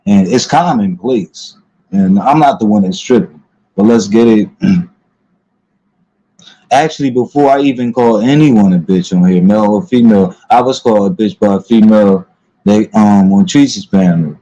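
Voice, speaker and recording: A man talking casually to his viewers in a halting way, full of pauses and restarts. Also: lowish voice, mellow. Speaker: commentary channel host. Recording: dull lo-fi sound.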